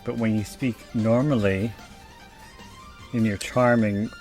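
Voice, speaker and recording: A man's voice: lowish voice, fairly even intonation, takes it slowly, darkish tone, soft background music. A man with a South Philadelphia accent, co-hosting a casual podcast and rambling through profane asides. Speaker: podcast co-host. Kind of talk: casual chat.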